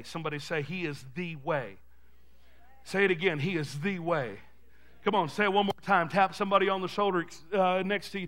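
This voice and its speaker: A man with a Texan accent preaching a sermon as pastor, calling out to the congregation and swinging from shouted peaks to quiet, fast asides. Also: on the high side. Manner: preaching with call-and-response, rising to shouts. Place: church sanctuary.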